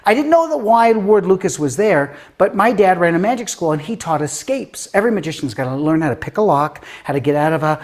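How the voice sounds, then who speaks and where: A man's voice: high-pitched, fairly quick, few pauses. A man in his fifties from Denver, a guest author telling a story in an interview and acting out the voices of people he quotes. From Denver, USA. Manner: animated, acts out quoted voices with filler words.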